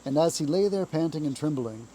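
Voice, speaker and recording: A man reading a classic children's story aloud in a calm, measured storytelling voice. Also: fairly high pitch, slight background noise, poor audio.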